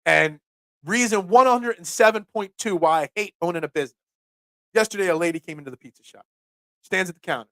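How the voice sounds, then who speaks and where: A man who hosts a casual sports talk show and rambles through animated stories. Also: high voice, a little fast, no echo. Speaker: sports podcast host and pizza shop owner.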